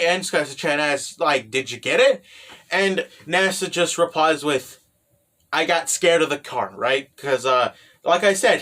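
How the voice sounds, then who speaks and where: A man's voice: fairly high pitch, sharp tone. A man casually recapping a manga chapter, rambling with lots of fillers and tag questions. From United States. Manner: rambling, filler-heavy, keeps asking "right?".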